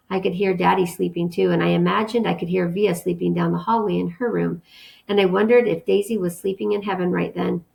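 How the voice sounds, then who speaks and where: A woman teacher reading a novel aloud to her students, calm and steady. Her voice is low and strongly gravelly.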